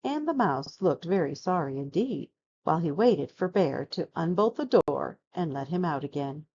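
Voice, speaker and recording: Lady reading a kids' storybook, slow and super lively, dull lo-fi sound. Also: low-pitched. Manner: expressive, dramatic storytelling. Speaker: storybook narrator. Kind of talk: children's storybook read-aloud.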